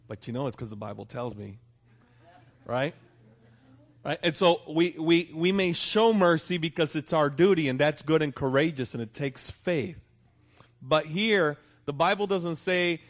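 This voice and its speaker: Higher-voiced man preaching a sermon. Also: normal speed. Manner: conversational preaching, asks congregation for response. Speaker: pastor. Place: church.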